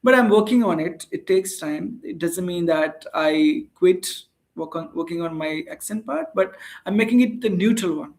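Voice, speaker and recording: A man's voice: high-pitched, moderate pace, darkish tone. A man with an Indian accent, an English teacher talking casually and earnestly about learning English, with many fillers and restarts. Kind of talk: casual spoken English lesson.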